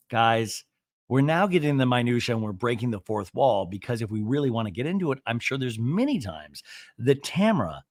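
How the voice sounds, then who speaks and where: A male podcast host chatting casually through a reality show recap, animated and quick to act out quotes. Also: mid-range voice, no room sound, studio quality.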